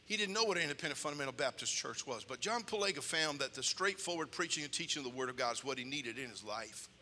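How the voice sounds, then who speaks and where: A male pastor telling a story in a sermon, animated, acting out voices and shouting at times. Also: fairly high pitch. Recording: long reverb of a church hall.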